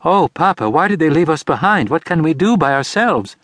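A man's voice: a little high, lively intonation, brisk, a bit bright, dry recording, voice pushed up. A man voicing an anxious young boy who fires off urgent, pleading questions. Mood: alarmed.

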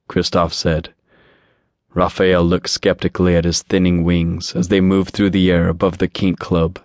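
A man reading an audiobook in a steady, measured scripted narration. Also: low voice, no room sound, clean studio sound.

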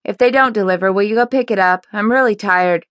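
A woman's voice: mid-range voice, a little fast, a bit bright, dry recording, natural voice. A woman voicing a tired single mother in her forties, dry and mildly exasperated, in an audiobook.

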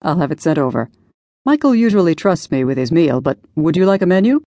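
A woman voicing a gracious older man who runs a restaurant, speaking in a courtly, unhurried way. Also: sits low, big pitch swings, dark tone, no echo, studio quality. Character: older Italian-American male restaurant owner, gracious host.

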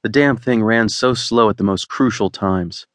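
A man reading a first-person romance novel in a wry, deadpan manner. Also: fairly low pitch, normal speed, no room sound. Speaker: audiobook narrator. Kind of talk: scripted first-person narration.

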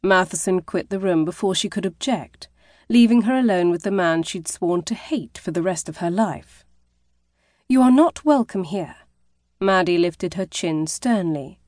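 A woman reading a romance novel aloud as an audiobook narrator, in a measured, expressive way. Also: on the low side, no room sound, studio quality. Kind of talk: scripted narration.

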